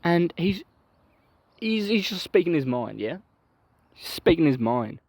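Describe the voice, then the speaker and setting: A man's voice: a little high, big pitch swings, takes it slowly, darkish tone, dry recording, exaggerated voice. A man voicing a crude, brash male peanut butter co-host who rants and swears in a comedy podcast sketch. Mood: ranting.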